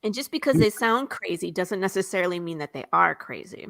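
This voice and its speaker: A woman comics creator, a guest chatting casually and retelling her comic's pages in an animated way. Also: on the low side, brisk, creaky, no echo, clean studio sound. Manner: animated storyteller, voices characters, laughs often.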